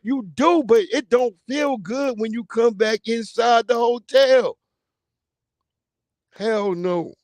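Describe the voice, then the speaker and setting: A man's voice: high-pitched, no echo, studio quality. A man hosting a livestream, telling stories in a casual, profane comedic rant. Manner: animated, profane storytelling. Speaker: livestream host.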